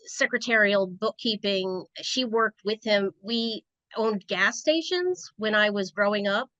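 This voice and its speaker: A woman's voice: mid-range voice, unhurried, a bit bright, dry recording. A woman from Rhode Island, a podcast guest, telling stories in a chatty, casual way. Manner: chatty, storytelling. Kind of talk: casual interview chat. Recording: dry, dull lo-fi sound.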